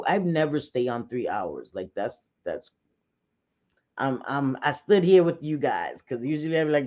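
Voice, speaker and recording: A middle-aged New York woman with a low, slightly mellow voice and a New York accent hosts a casual livestream chat. She's blunt and chatty and curses freely, and the audio is a bit dull and lo-fi.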